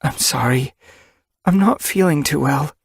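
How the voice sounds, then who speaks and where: A man's voice: on the high side, a little slow, gravelly, slightly rough, dry recording, clean studio sound, voice pushed up, exaggerated voice. A man voicing a feverish, apologetic she-cat. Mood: faltering. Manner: hesitant, faltering.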